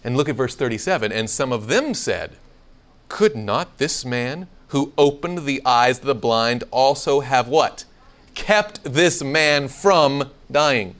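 A man's voice: mid-range voice, a little slow. A man teaching a Bible seminar to a live audience, asking questions and acting out the quoted lines. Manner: animated, asks the room questions, acts out quoted lines.

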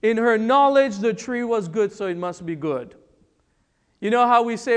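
A man from the Republic of the Congo preaching a sermon, emphatic and full of rhetorical questions and pauses. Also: high-pitched. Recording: long church-hall reverb.

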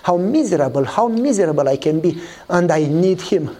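A man preaching a sermon, telling a story and acting out the dialogue with lively voices. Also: moderate pace. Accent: Eastern European. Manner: animated storytelling, acts out dialogue in a higher voice.

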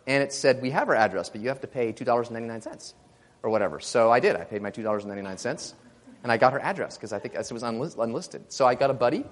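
Animated preacher man in an echoey hall. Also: medium pitch. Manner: animated, rising to loud exclamations. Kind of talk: sermon with storytelling.

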